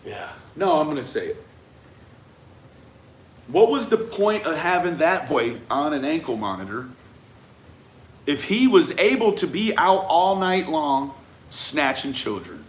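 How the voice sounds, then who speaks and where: A man talking through a case in a reflective, conversational monologue, often tagging his points with a questioning "right?" and trailing off into quiet asides. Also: on the high side, sing-song, a little slow, pauses often. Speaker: commentator on a true-crime case. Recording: roomy echo with faint ambience.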